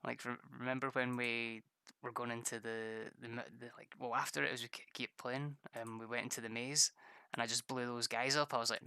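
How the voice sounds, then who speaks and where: A man's voice: medium pitch, flat delivery, brisk, bright, forceful tone, clean tone, no echo. A man chatting casually while streaming a game, rambling, stammering and laughing often. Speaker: gaming streamer. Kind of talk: casual gameplay chat with viewers.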